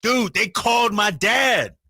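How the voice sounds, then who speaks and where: A male sports radio host with a strikingly bright, forceful tone and a fairly high voice. He talks casually and tells stories with lively acted-out quotes. The studio sound is dry and close. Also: slow pace, gravelly, slightly rough, dry recording. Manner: animated storyteller, acts out quotes. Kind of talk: casual sports talk and storytelling.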